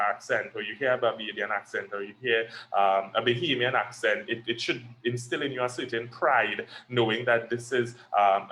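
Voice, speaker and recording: A man's voice: mid-range voice, fairly bright tone, a little hiss or hum, low-quality recording. A young man with a Trinidadian accent, speaking earnestly as a guest in an online interview, with frequent ums and restarts. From Trinidad and Tobago. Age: young adult. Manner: earnest, measured speaking with many fillers.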